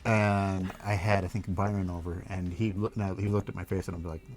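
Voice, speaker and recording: A man's voice: low-pitched, little pitch movement, quick pace, a little mellow. A man in his thirties hosting a livestream, telling family stories in a laid-back way with frequent chuckles. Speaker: livestream host. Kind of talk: casual storytelling on a livestream.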